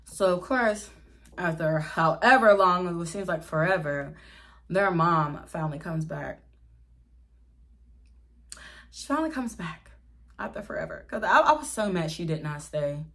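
Young woman, vlogger, lowish voice, casual storytime, talks to viewers, candid and dramatic. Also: animated, unhurried, long pauses, fairly bright tone. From Pittsburgh area, USA. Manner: chatty, addresses viewers as y'all; candid, dramatic retelling with slang.

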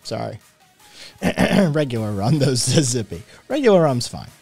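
A man hosts a relaxed late-night stream, reading chat comments and answering them with plenty of swearing. His pitch swings widely as he gets worked up, and faint music plays behind him. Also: normal speed, gravelly, breathy edge. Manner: profane, animated, reacts to chat messages. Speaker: podcast host reading live chat. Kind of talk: casual livestream chat.

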